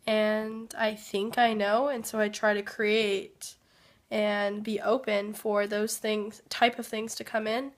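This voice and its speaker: A woman with a hoarse voice from being sick, giving a hesitant, reflective personal life update as a vlogger. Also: mid-range voice, flat delivery. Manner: slow, hesitant and reflective, many pauses and fillers. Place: workplace.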